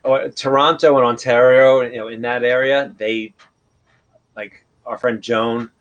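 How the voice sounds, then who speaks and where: A man's voice: medium pitch, fairly even intonation, measured pace, a bit bright, highs cut off. A man with a Northeastern US accent chats casually on a video call, laughing often and rambling a bit.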